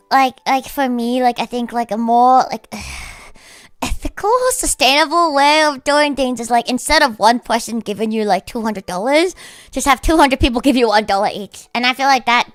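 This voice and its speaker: A woman livestreaming in casual chat, rambling with lots of fillers and breaking into high-pitched laughter. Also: fairly bright tone, no echo. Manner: rambling, heavy use of "like".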